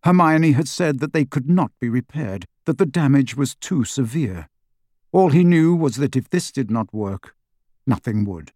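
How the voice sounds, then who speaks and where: A man narrating an audiobook in a steady, even storytelling manner on a close microphone. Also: mid-range voice, a little slow, no echo. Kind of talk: scripted narration.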